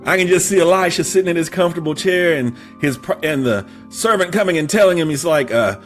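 A man preaching a sermon, telling a story with humor and stammered restarts, then rising into emphatic shouts. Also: fairly high pitch, lively intonation, fast talker, hardly any pauses, faint music behind. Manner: emphatic, repetitive, builds to shouting.

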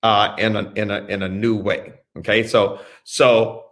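A man teaching a Bible study as a pastor, speaking deliberately, repeating phrases and telling listeners what to underline and circle. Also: lowish voice, level tone, fairly bright tone. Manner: slow, deliberate, repeats phrases and gives instructions.

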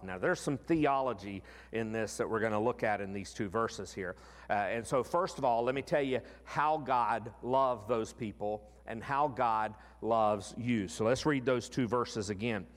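A man preaching a sermon in an expressive way, slowing down to stress key words. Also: fairly low pitch, long reverb tail. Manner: expressive, slows down for emphasis.

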